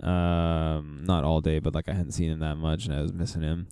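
A man's voice: extremely low pitch, flat delivery, moderate pace, mellow, clear, resonant tone, dry recording, studio quality. A man hosting his own podcast, telling stories in a rambling, casual way full of fillers. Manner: rambling, filler-heavy storytelling. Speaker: podcast host. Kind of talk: casual solo podcast monologue.

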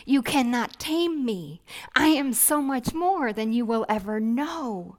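A woman voicing God as he speaks to a weary prophet, solemn and emphatic, then hushed and gentle. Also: on the high side, expressive, takes it slowly.

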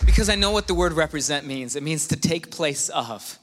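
A man preaching a sermon as pastor, animated, swinging from hushed to shouting. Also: a little high, a little fast, a crowd in the background, noisy background. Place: church auditorium. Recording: reverberant hall with music behind.

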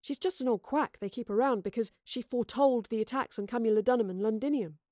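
A woman's voice: fairly high pitch, fast, no room sound, studio quality, close to an everyday voice. A woman playing an eager young Roman soldier. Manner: earnest, easily flattered. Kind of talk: audiobook character voice.

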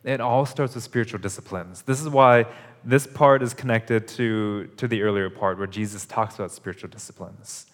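A man with a fairly low voice preaches a Sunday sermon in an earnest, conversational way, building his points through repeated phrases. His voice carries a long reverb from the church hall around him. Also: steady tone, moderate pace. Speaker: pastor. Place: church service.

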